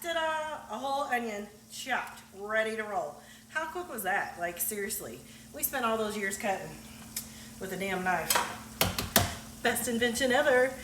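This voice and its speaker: Animated and medium-pitched, a woman talks at a moderate pace over a noisy background. She's frying on the stove in her home kitchen for a casual cooking video, folksy and chatty with easy laughter, while loud sizzling and stirring echo around her.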